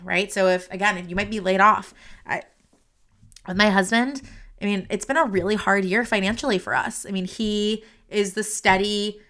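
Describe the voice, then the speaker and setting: A woman's voice: medium pitch, normal speed. A woman hosting a solo podcast as a career coach, talking unscripted, earnest and rambling, speaking straight to her listeners into a desk microphone. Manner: earnest, rambling, heartfelt, addresses listeners directly; animated, gestures while talking.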